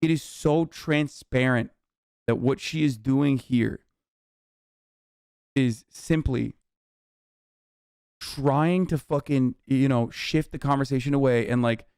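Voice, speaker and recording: A man's voice: mid-range voice, takes it slowly, pauses often, a little mellow, smooth, dry recording, studio quality. A young man streaming, ranting at a news clip with exasperated, profane commentary and lots of filler words. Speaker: streamer reacting to news clips. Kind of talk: live-stream reaction rant.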